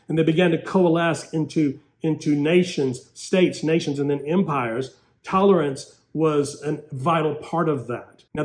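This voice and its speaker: A man's voice: a little high, darkish tone. A man preaching a sermon in an emphatic, rhetorical way, raising his voice for mocking quotes.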